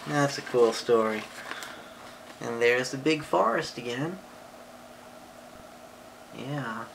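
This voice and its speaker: A woman's voice: a bass voice, vocal fry, noisy background. A woman reading a picture book aloud to a child, stopping to ask questions. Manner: slow, lively storytelling with questions to the child.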